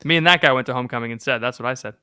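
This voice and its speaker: Young guy with a bright clear voice, jokey podcast banter, dry close mic. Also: medium pitch, racing, no room sound. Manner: joking, animated, laughs often. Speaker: podcast co-host. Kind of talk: casual comedic podcast chat.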